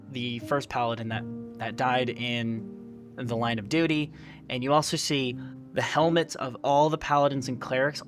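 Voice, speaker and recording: A man narrates a tabletop game as its game master. His telling is casual and unhurried, full of small fillers and restarts, with faint music in the background. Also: medium pitch.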